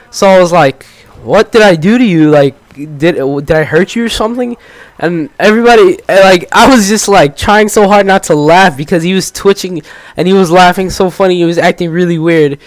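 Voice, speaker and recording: A man's voice: a little high, dry recording. Rambling teenage guy telling a story. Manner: rambling, lots of fillers and restarts. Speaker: gaming channel host. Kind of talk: casual storytelling commentary.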